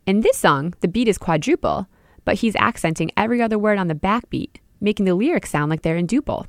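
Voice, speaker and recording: A woman hosting an educational podcast, explaining ideas clearly in scripted narration and speaking straight to the listener. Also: mid-range voice, expressive, brisk, dry recording, clean studio sound. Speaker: podcast host and music teacher.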